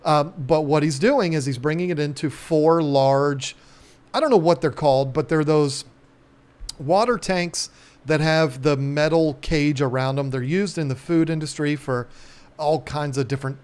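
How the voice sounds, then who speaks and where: A man with a drawl chats easily on a live stream, his voice sitting a bit high. He rambles along in a folksy way, dropping lots of ums and uhs as he talks. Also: normal speed, a little mellow, smooth. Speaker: aquarium channel host. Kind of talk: casual live-stream chat.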